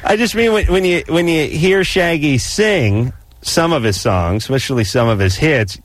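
A man's voice: fairly high pitch, lively intonation, moderate pace, dry recording. A middle-aged man hosting a radio show, joking and teasing his guests. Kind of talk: casual radio talk.

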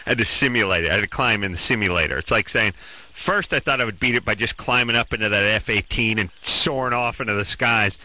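A man's voice: fairly low pitch, fast talker, sharp tone. A man co-hosting a call-in radio show, cracking sarcastic jokes and riffing between questions. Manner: sarcastic, joking. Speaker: radio co-host.

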